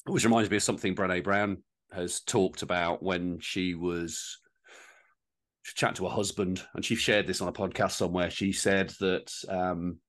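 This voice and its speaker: A low-voiced man co-hosts a casual podcast conversation. He thinks aloud, circles back on his words and drops wry asides as he goes. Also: fairly even intonation, normal speed, fairly bright tone. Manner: reflective, rambling, with restarts and wry asides. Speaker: podcast co-host. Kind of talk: casual chat.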